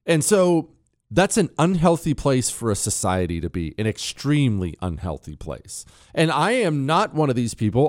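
A man's voice: fairly high pitch, dry recording, clean studio sound. A middle-aged man hosting talk radio, ranting in a heated, sarcastic monologue.

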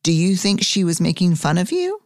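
A woman voicing a calm, gentle woman therapist who asks patient questions. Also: fairly low pitch, normal speed, no room sound, clean studio sound, voice pushed up. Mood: calm probing.

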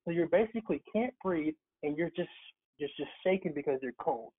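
A man's voice: fairly high pitch, expressive, fairly quick. A man calling in as a guest, telling his story in an earnest, emphatic way. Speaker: guest, occupational therapist. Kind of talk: casual interview by phone. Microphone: phone call. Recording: tinny phone line.

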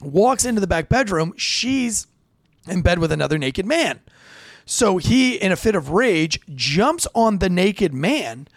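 A young male police officer casually tells a story from a call, animatedly acting out the voices of the people involved. His voice sits high and runs a little slow, with no room sound.

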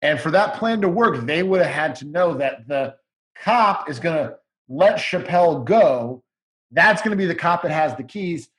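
A man's voice: a little high, animated, normal speed, a bit bright. Rambling, enthusiastic man chatting. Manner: rambling, enthusiastic, swears casually. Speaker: guest. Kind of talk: casual podcast chat.

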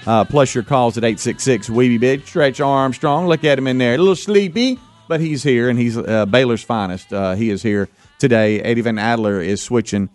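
A man hosting a live radio show, telling a story in an animated way, repeating words and acting out what people said. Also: mid-range voice, moderate pace, few pauses, faint music behind. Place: radio studio.

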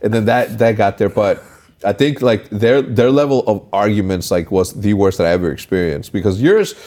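A middle-aged man hosting a podcast, telling stories in casual chat, swearing freely and acting out shouted quotes. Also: fairly low pitch, moderate pace. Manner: animated storytelling, swears a lot, acts out shouted quotes. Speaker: podcast host.

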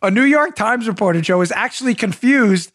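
A man's voice: high voice, lively intonation, a little fast, fairly bright tone. A man hosting a political talk show, mocking and theatrical, often breaking into laughter as he jokes with his producer. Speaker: show host.

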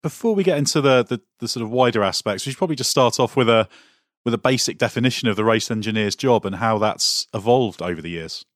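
A man hosting an interview, briskly steering the conversation with his questions. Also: mid-range voice, no echo, studio quality. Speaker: podcast host.

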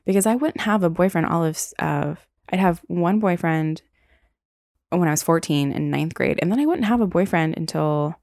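A woman's voice: fairly low pitch, normal speed, darkish tone, no room sound, studio quality. A young woman hosting a solo podcast, telling stories casually with lots of "like" and "um". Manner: casual, rambling, frequent "like" and "um". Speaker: podcast host.

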